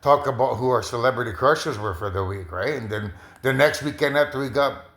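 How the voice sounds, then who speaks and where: A man's voice: mid-range voice, fairly quick, fairly bright tone. A man rambling through a casual monologue, repeating himself and restarting his sentences. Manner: repetitive, full of restarts and fillers. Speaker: vlogger interpreting a viewer's video. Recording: roomy echo.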